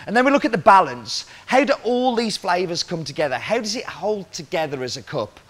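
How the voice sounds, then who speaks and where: A man's voice: high voice, very animated, fairly quick. A man working as a coffee roaster, explaining cupping scores and roasting, talking through questions aloud as he goes.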